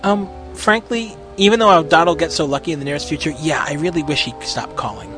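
A flustered young woman with a raised, lighter voice, as a male narrator puts her on. She mumbles and trails off, embarrassed, over soft music in a storybook reading. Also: on the high side, fast. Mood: miserable. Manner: mumbling, hesitant.

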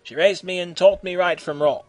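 Super Grover, bumbling blue monster hero, earnest and overeager, a man doing the voice, slightly high. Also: fairly even intonation, moderate pace, no room sound, lightly acted.

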